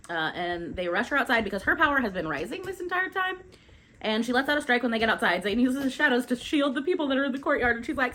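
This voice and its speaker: Fast-talking woman, casual book recap. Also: a little high, sing-song, fairly bright tone. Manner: chatty, informal, swears, quick asides.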